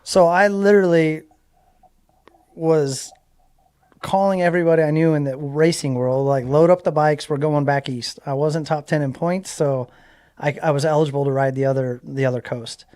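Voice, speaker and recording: His voice on the high side and his pace moderate, a Southern California man in his forties relates a story during a casual interview. He's animated, playing out people's words and using plenty of likes and you-knows.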